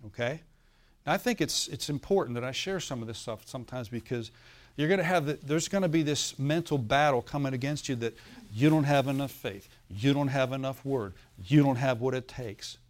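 A man's voice: mid-range voice, a little fast. A male pastor preaching a sermon, telling a story and often asking the congregation for an amen, with a laugh now and then.

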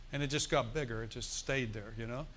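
A man's voice: mid-range voice, normal speed, a little hiss or hum. A male pastor preaching a sermon, telling stories and asking the congregation for responses. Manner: preaching with call-and-response asides; animated storytelling, acts out forced laughter.

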